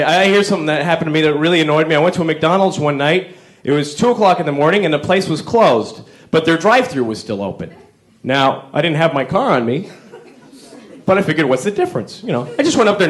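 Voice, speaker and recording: A man's voice: fairly high pitch, fast. A man doing a stand-up routine on a live comedy stage, rambling through his stories with restarts and asides. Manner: animated, rambling storyteller with restarts.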